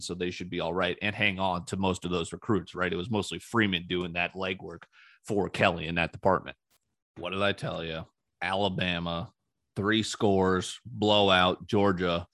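Male sports talk host, low voice, dry close sound, rambling, opinionated, sarcastic. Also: a bit bright, no echo. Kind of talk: casual solo sports commentary.

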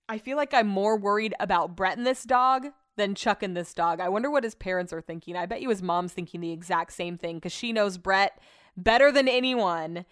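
Young woman vlogger, animated story rambles with casual swearing, dry close sound. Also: medium pitch, brisk, no echo. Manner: chatty, animated retelling of arguments, acts out quotes.

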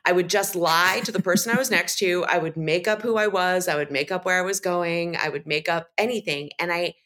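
A woman on a comedy panel, telling a personal story in a halting, restarting way. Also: fairly low pitch, a bit bright. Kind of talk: casual improv chat.

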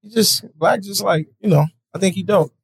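A man's voice: high voice, moderate pace, gravelly, breathy edge, no room sound. A man guesting on a podcast in casual chat, laid-back and rambling with many "you know"s. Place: studio.

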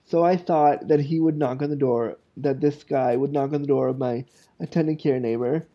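A man's voice: mid-range voice, fairly even intonation, moderate pace, dull audio. A man in his thirties hosting a podcast, telling a story in a candid, rambling way with many restarts. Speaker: podcast host. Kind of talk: casual storytelling.

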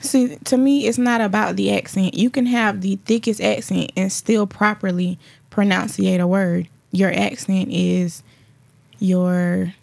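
A woman's voice: mid-range voice, fairly even intonation, measured pace, creaky, darkish tone. A woman co-hosting a casual podcast, plainly explaining her view. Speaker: podcast co-host.

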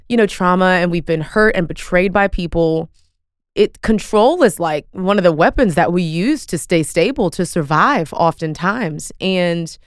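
A woman's voice: lowish voice, clean tone, no echo, studio quality. A woman, hosting a podcast and talking in an earnest, folksy, emphatic way. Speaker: podcast host. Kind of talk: casual podcast talk.

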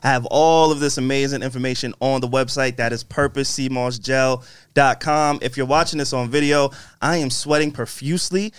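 A young man hosting a podcast in casual chat, animated and joking. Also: medium pitch, normal speed, smooth, no room sound. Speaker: podcast host. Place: podcast studio.

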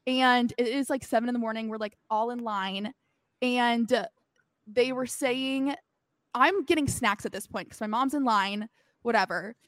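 A young woman in her twenties, a podcast co-host, telling a story in casual chat, filling it with "like" and acting out quotes in a loud voice. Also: fairly high pitch, normal speed, no echo. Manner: animated storytelling, acts out quotes loudly; heavy use of "like".

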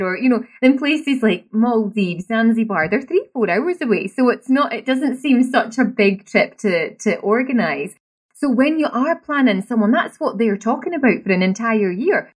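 A woman's voice: fairly high pitch, expressive, moderate pace. A woman with a Scottish accent hosting an interview, keen and encouraging as she asks open questions. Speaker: interview host. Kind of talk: conversational interview.

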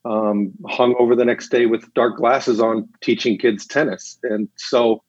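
A man's voice: mid-range voice, a little slow, slightly rough, dry recording. A man, an interview guest and missionary, telling his story animatedly and acting out the dialogue. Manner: animated storyteller, acts out quoted dialogue, laughs. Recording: dull, lo-fi dry sound.

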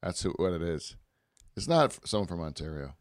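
A man's voice: low-pitched, big pitch swings, brisk, no room sound. Rambling profane man, dry. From Canada. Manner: rambling, profane, laughs often. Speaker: podcast co-host. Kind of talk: casual chat.

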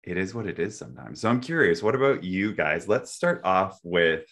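A man hosting a casual chat, telling a personal story with lots of "like" fillers and an expressive delivery that swings from quiet to loud. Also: low voice, normal speed. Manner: heavy use of filler "like".

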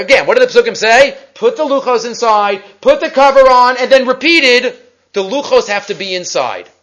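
A man's voice: high-pitched, fairly bright tone, highs cut off. A man giving a Torah class, reading Hebrew sources aloud and explaining them in English, asking and answering his own questions. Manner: mixes Hebrew and Aramaic quotes into English. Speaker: Torah teacher.

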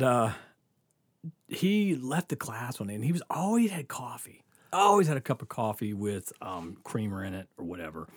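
A man's voice: mid-range voice, breathy edge, no room sound, studio quality. A man casually telling a profane story, laughing and acting out the voices of the people in it. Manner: animated, laughing, acts out others' lines.

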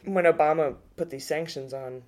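Casting note: low-pitched woman co-host, animated casual political chat. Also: normal speed. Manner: animated, restarts and swears freely. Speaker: podcast co-host.

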